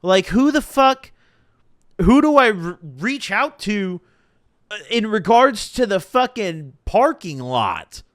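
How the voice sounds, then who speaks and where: A man's voice: high-pitched, slow pace, no room sound, studio quality. A young man hosting a podcast live stream, telling stories in a casual, profane, slang-heavy way. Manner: profane, animated storytelling with slang. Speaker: podcast host.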